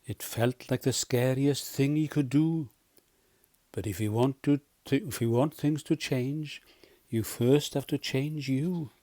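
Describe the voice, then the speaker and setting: Slow, mellow man reading a storybook. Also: medium pitch, no echo. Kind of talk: reading a rhyming picture book aloud.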